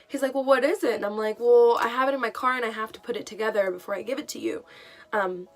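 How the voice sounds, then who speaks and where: A young woman tells a personal story to her vlog audience in a loose, chatty way. She is emotional and full of fillers. Soft music plays faintly underneath. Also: a little high, fast. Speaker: vlogger. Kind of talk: casual storytime.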